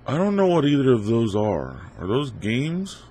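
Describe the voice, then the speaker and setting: A man's voice: medium pitch, sing-song, a little slow, dark tone. A young man with a cold, casually reading out viewer questions and answering them with offhand jokes. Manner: joking, offhand, reads questions aloud. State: has a cold. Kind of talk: casual Q&A vlog.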